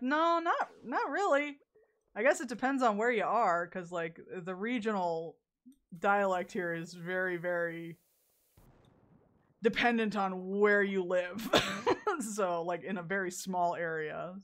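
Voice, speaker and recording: On the low side and fairly bright, this woman's voice keeps a measured pace. A young Southerner from the United States, she chats casually with her stream viewers mid-game, laughing often and swearing freely.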